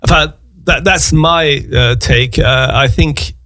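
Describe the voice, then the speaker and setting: A man with a British English accent, a guest on a radio interview, telling his story slowly with many fillers and restarts. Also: on the high side, pushed and bright, dry recording. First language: French and English, bilingual. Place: radio studio.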